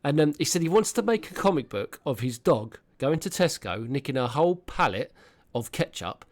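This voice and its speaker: A man's voice: a little high, very animated, moderate pace. A British man in his thirties chatting casually on a podcast, telling rambling stories and swearing freely. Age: 30s. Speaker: podcast co-host. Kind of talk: casual chat.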